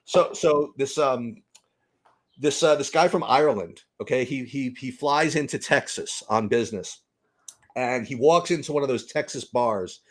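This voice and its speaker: A man's voice: mid-range voice, moderate pace. A man co-hosting a fantasy sports podcast, chatting casually and telling a long, rambling joke full of restarts. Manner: rambling storyteller with many restarts. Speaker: podcast co-host. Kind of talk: casual chat.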